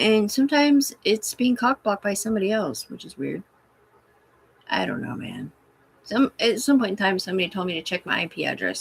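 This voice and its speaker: A woman's voice: medium pitch, gravelly, slightly rough. A woman rambling and swearing casually on a live stream from her room, talking back to her chat. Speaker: livestreamer.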